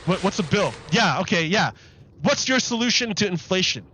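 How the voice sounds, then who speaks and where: Exasperated streamer, high bright voice. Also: male voice, expressive, moderate pace, slight background noise, rough recording. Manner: exasperated, repeating questions over the clip. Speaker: live streamer reacting to a political interview. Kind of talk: live-stream commentary.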